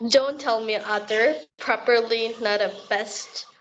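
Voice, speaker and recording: Talkative high-voiced woman, lo-fi. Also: fairly bright tone, slight background noise. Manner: halting, with many fillers and restarts. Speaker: interviewee. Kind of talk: practice conversation. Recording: dull lo-fi recording.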